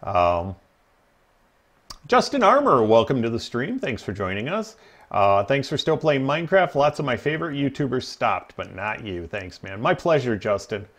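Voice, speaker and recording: Guy rambling on a game stream, gravelly, lots of ums and laughs. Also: mid-range voice, very animated, normal speed, a bit bright. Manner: rambling, laughs at own stories, many ums. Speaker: livestream host. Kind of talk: casual gaming stream chat.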